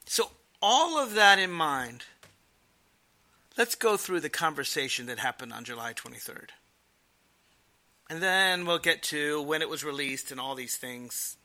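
A man's voice: fairly high pitch, animated, a little slow, long pauses, bright, forceful tone. A man giving political commentary in an emphatic, sarcastic way. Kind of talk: explanatory commentary.

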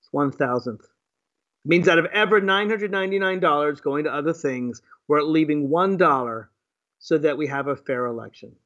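A man's voice: a little high, moderate pace, fairly bright tone. A man from Virginia hosting live political commentary, reacting to clips in a mocking, sarcastic voice full of rhetorical questions. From Virginia, USA.

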